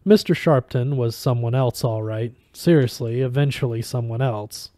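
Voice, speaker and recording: Man reading a novel aloud, mellow dark tone, dry close sound, easygoing with small stumbles. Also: mid-range voice, moderate pace, few pauses, dry recording. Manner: casual reading with small slips and restarts. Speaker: audiobook reader.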